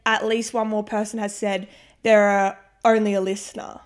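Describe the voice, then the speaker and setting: A woman's voice: medium pitch, level tone, moderate pace. A young woman co-hosting a podcast in casual chat, talking candidly and throwing in teasing jokes. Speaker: podcast co-host.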